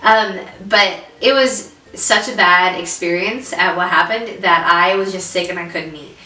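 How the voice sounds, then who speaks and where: A woman's voice: lowish voice, a little slow, bright, forceful tone, far from the mic. A young adult woman co-hosting a casual vlog, telling an upsetting story with lots of fillers and restarts. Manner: emotional storytelling with many fillers. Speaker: vlog co-host. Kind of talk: casual chat. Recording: roomy echo, away from the mic.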